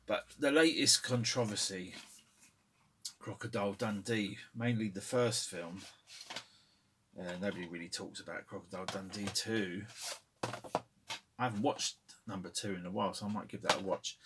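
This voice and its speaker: A man's voice: on the low side, a bit bright, slight background noise. A middle-aged man hosting a casual opinion vlog. He rambles and hesitates, with many fillers. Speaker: channel host.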